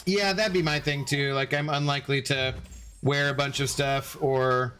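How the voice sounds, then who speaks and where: A man's voice: medium pitch, fairly even intonation, moderate pace, a bit bright, faint music behind. A man streaming a game, rambling casually and answering viewers' chat messages as he plays. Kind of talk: casual live-stream chat while gaming.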